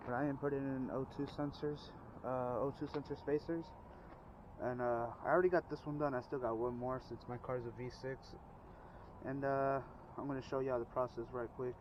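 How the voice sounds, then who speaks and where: A man talks his way through a car repair in a loose, rambling manner, full of fillers and restarts. The phone audio is dull and lo-fi, with clear outdoor noise behind him as he works under the car. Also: mid-range voice, steady tone, fairly quick. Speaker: DIY car repair vlogger. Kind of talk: casual how-to narration.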